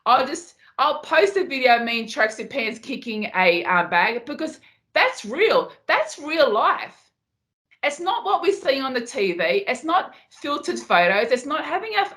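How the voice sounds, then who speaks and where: This podcast guest, a Muay Thai fighter, has a high-sitting voice with a sharp tone. Speaking passionately in a casual interview, she repeats words whenever she emphasizes a point.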